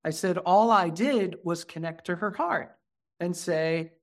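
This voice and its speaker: A man, a therapist speaking as a guest, explaining earnestly and acting out soft, soothing words to a child. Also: high-pitched, a little slow. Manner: earnest, acts out soothing dialogue softly. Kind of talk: conversational interview.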